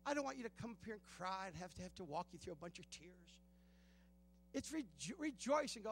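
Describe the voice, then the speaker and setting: A man with a Southern US accent preaching a sermon in a church, telling personal stories, swinging from hushed tones to loud bursts and laughing often. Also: very high-pitched, lively intonation, fairly quick, vocal fry, breathy edge. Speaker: guest preaching pastor. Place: church sanctuary.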